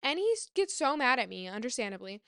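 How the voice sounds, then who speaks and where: A woman vlogger candidly retelling a personal story in a halting, rambling way. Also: a little high, very animated, a bit bright, smooth, no room sound, clean studio sound.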